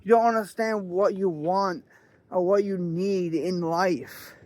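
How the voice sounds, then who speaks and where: Slow, high-voiced earnest man. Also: fairly even intonation, a little mellow. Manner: halting, searching for words, earnest. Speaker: vlogger. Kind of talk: personal reflective vlog.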